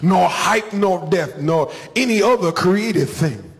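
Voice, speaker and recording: Gravelly high-voiced preacher, slow and rhythmic. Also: male voice, expressive, background noise. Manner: rhythmic, builds to shouted climaxes with congregation calls. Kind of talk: sermon.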